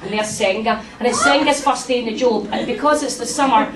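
A Glaswegian woman in her forties doing a brash, sweary, deadpan stand-up comedy set. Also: a little high, a little fast, background noise. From Glasgow, Scotland. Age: 40s. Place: theatre room at a comedy festival. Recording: echoey, distant venue sound. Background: audience laughter.

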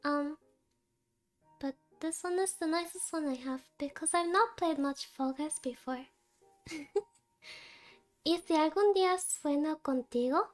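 A woman VTuber chatting casually to her viewers while gaming, cutesy and giggly, with a tired, sleepy voice. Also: extremely high pitch. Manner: giggly, cutesy, talks to chat with many laughs. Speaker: VTuber streamer. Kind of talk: casual game stream chat.

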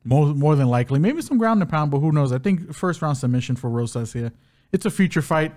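A man with a fairly high voice talks fairly quickly as co-host of a casual betting podcast. He's loose and animated, with plenty of slang.

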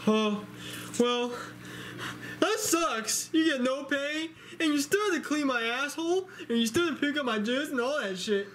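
A woman's voice: high-pitched, lively intonation, moderate pace, a little hiss or hum. A woman voicing a bratty, crude young male plush turtle who talks in a smug, teasing way. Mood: taunting.

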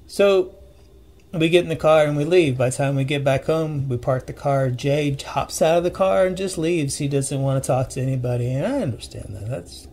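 A man telling a personal ghost story in a casual, earnest way, pausing and restarting as he recalls the details. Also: medium pitch, darkish tone, slightly rough. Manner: earnest, halting retelling with restarts and vivid detail.

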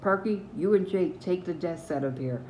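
A woman with a Newfoundland accent reading the lines of a gruff male thief ringleader, growling and sneering. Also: fairly low pitch, moderate pace, dark tone, a little hiss or hum, close to an everyday voice, poor audio. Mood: ordering.

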